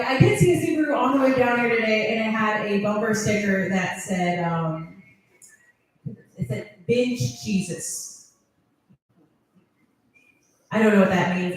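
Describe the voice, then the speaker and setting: A woman doing a stand-up set, rambling and self-deprecating and often laughing at her own jokes. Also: mid-range voice. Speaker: stand-up comedian. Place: comedy club. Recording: very echoey club room.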